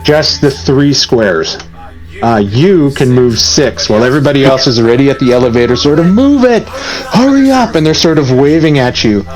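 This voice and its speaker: A man narrates a tabletop horror game as game master, steady and mid-pitched, choosing his words slowly with plenty of ums. Faint music plays underneath. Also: poor audio. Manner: measured, slow, hesitant with many ums.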